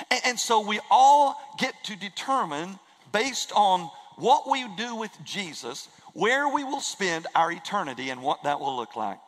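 A man preaching in a church, with an earnest, emphatic delivery that leans on repeated phrases. His voice sits a little high for a man and trails off into a long hall reverb. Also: fairly bright tone. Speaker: pastor. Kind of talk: sermon. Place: church sanctuary.

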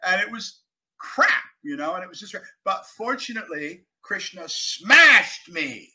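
An older man, a guest actor and author, telling stories in a casual interview, animated and emphatic, swinging between loud and quiet. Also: high-pitched, normal speed, rough recording.

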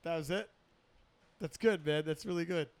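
A man co-hosting a comedy podcast, bantering in a crude, deadpan way and swearing freely. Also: fairly high pitch, moderate pace, gravelly, no echo. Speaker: podcast co-host. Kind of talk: casual comedy chat.

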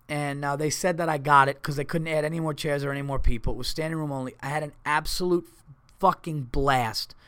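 Male comic host, casual storytelling rant, animated and profane, slightly high voice. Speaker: comedian and podcast host.

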